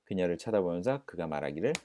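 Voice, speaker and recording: A Korean-accented man runs an English lesson. He repeats each phrase slowly, then rushes through his Korean explanation in a fairly low voice with a very lively, rising and falling pitch. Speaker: English teacher.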